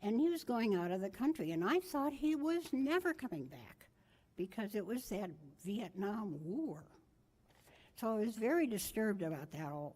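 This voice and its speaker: An older woman with a mellow, medium-pitched voice delivers a memorial tribute full of family stories. She rambles anecdotally and keeps correcting herself.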